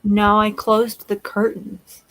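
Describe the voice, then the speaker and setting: A woman on a casual podcast stream, relaxed and agreeable. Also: medium pitch, takes it slowly, vocal fry, dry recording, poor audio. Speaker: podcast co-host. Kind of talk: casual chat on a live stream.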